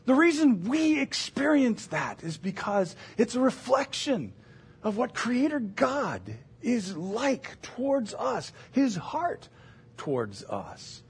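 A man's voice: very high voice, sing-song, slow, breathy edge. A middle-aged man preaching a sermon as a pastor, in an earnest, conversational way with self-deprecating asides.

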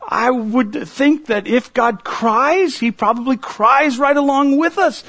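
A middle-aged man preaching a sermon, earnest and emotional, his voice climbing toward a near shout at the high points. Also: lively intonation, a little slow, few pauses. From United States. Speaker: pastor.

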